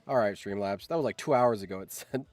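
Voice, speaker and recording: A man streaming live, reacting excitedly and yelling in surprise on a close mic. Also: on the low side, fast, no room sound, faint music behind. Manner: excitable, yells in surprise, laughs often.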